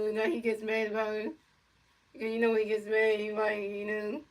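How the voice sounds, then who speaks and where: A woman's voice: fairly high pitch, level tone, quick pace, fairly bright tone, distant mic. A woman giving casual play-by-play over a video game, rambling with lots of fillers and repeated phrases. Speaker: gamer doing play-by-play.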